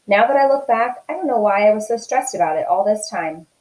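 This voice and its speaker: A woman's voice: mid-range voice, brisk, reverberant, poor audio. Woman teacher reading a novel aloud. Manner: expressive, steady storytelling.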